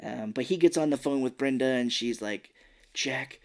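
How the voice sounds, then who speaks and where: A man's voice: medium pitch, moderate pace. Young guy retelling a movie plot, goofy voices for the characters, laid-back podcast chat. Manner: retells scenes, acting out characters with jokey voices. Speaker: podcast co-host. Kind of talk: casual movie recap chat.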